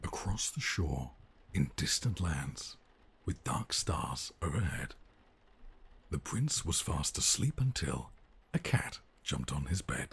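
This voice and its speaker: A man narrating a rhyming storybook in a game with a husky voice, in a measured, sing-song delivery. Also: very deep voice, very animated, fairly bright tone, exaggerated voice.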